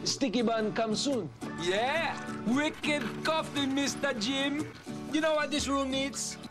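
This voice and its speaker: A man's voice: very high-pitched, slow pace, music in the background. An actor in an ad playing a laid-back man with a put-on Jamaican accent. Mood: easygoing. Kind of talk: ad voice acting.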